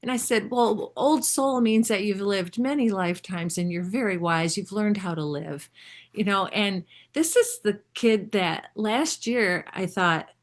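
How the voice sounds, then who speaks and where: A woman's voice: mid-range voice, measured pace. Rambling older woman. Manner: rambling, self-interrupting, laughs often. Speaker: spiritual group member sharing. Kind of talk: casual sharing.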